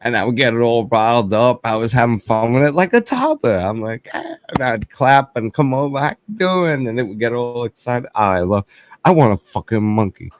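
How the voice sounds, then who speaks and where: A man's voice: medium pitch, a little fast, a little hiss or hum. A man hosting a casual group chat, telling rambling stories full of profanity. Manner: crude, profane, rambling storyteller. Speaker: host.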